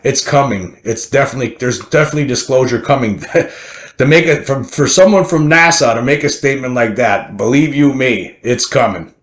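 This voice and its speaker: A man's voice: medium pitch, animated, fairly quick, reverberant. A man hosting a channel, reading a news article aloud and then commenting on it emphatically, often repeating and restarting his words. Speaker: channel host.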